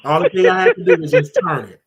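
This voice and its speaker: A man's voice: very high-pitched, huge pitch swings, fast, creaky, lo-fi sound. Polite, easygoing male show host. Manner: polite, easygoing, says yes ma'am. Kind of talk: casual call-in chat.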